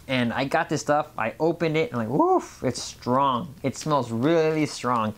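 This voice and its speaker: A casual vlog voice of middling pitch, rambling along and tripping over its own restarts. The speaker repeats words and jumps between thoughts, in a loose, unscripted monologue about everyday experience. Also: measured pace. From Mexican family background. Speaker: health vlogger.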